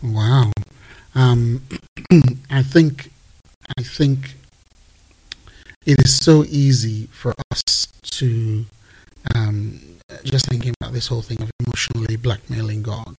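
A man in a casual faith discussion, retelling Bible stories in an animated way and laughing along. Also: medium pitch, slow, pauses often, slightly rough, rough recording.

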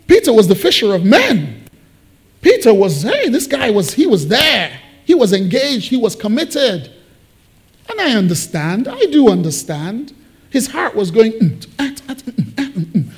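High-voiced guy preaching in church, gets really animated acting out the quotes. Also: slightly rough. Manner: animated, acts out Bible quotes with big pitch swings. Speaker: pastor. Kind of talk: sermon. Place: church hall.

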